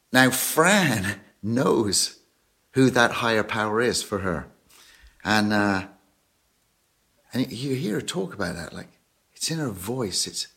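A man with a husky, slightly breathy voice, speaking in a reflective, pastoral way. His pitch moves a lot, rising and falling expressively as he draws out the lesson. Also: a bit bright. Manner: thoughtful, affirming listener. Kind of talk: reflective commentary.

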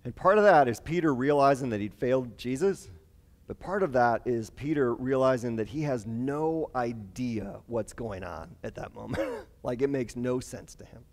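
A man's voice: mid-range voice, moderate pace. Man retelling Bible stories animatedly. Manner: animated storytelling with asides and fillers. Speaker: Bible study teacher. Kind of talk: conversational Bible lesson.

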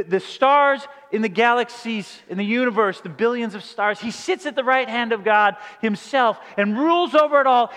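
High-voiced preacher in an echoing hall. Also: male voice. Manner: animated storytelling, frequent restarts. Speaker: pastor. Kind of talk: sermon. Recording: long hall reverb.

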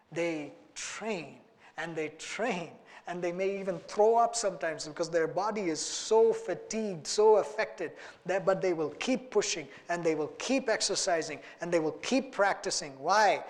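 A man preaching a sermon earnestly, acting out small dialogues and letting his voice rise and fall for emphasis. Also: sits high. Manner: earnest, rising and falling for emphasis, acts out little dialogues. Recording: long hall reverb.

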